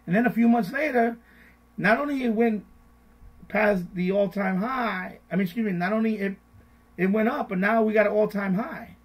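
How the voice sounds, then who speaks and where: A middle-aged man talks casually about investing on a live stream, repeating himself for emphasis. His voice sits fairly high, with a gravelly, husky edge. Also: rough recording. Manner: repetitive, animated, mocks panicked voices. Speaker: finance live-stream host.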